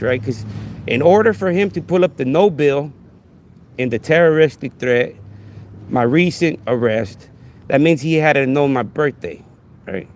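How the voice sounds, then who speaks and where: Man, podcast host, emphatic repetitive rant, slightly high voice, faint traffic outside. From Texas. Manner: repetitive, emphatic, keeps asking "right?". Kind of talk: casual monologue.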